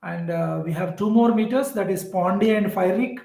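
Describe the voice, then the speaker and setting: A man's voice: high-pitched, normal speed, gravelly, a little mellow, reverberant, poor audio. A man teaching an exam-prep literature lecture, explaining patiently and repetitively with frequent "uh" fillers. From southern India.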